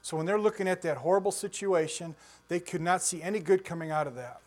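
A man's voice: sits high, quick pace, a little mellow. Folksy chuckling older male preacher. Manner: folksy storytelling, chuckles often, asks listeners questions. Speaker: pastor. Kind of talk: conversational sermon.

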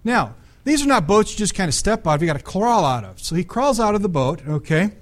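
A man's voice: high voice, very animated, fairly quick. A man preaching a sermon, reading scripture aloud and commenting on it in a conversational way, often checking in with the congregation. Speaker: pastor.

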